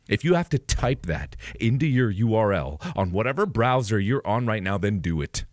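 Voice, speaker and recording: A man in his twenties giving a mock-solemn rallying monologue to camera, melodramatic and swinging between hushed and booming lines. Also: animated, moderate pace, few pauses, no room sound, studio quality. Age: 20s. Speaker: video creator.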